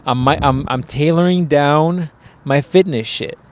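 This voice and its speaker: A man's voice: on the high side, unhurried. A man co-hosting a casual podcast, ranting with lots of swearing and mocking people in put-on voices. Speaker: podcast co-host. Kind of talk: crude casual chat.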